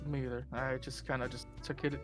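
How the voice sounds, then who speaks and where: A man's voice: medium pitch, flat delivery, a little fast, soft background music. A young man chatting casually on a game stream, rambling and teasing with a playful manner. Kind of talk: casual gaming stream chat.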